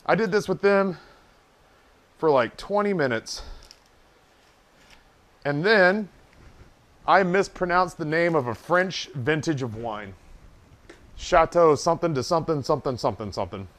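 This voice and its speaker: A man's voice: a little high, expressive, measured pace, long pauses, a bit bright. A man streaming live, telling a long story from his waiting days in a casual, profane, self-deprecating way.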